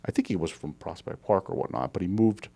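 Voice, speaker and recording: This podcast host has a low, husky voice with vocal fry and talks fairly quickly. In a casual chat he rambles through anecdotes, animatedly voicing the people he quotes.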